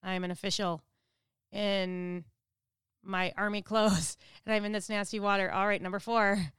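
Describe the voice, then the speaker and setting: A woman acting out a doubting army official, muttering to himself in a smooth, clear voice. He sounds weary and self-mocking, and the sound is close and dry. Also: mid-range voice, fairly even intonation, measured pace, fairly bright tone, no room sound, natural voice. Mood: exasperated.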